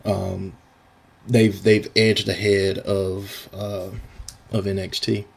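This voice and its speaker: A man with a lowish voice co-hosting a live podcast. He answers in a loose, rambling way and laughs through his words. He keeps it casual and unhurried. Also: vocal fry, slightly rough. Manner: relaxed, rambling, laughs as he talks. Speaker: podcast co-host.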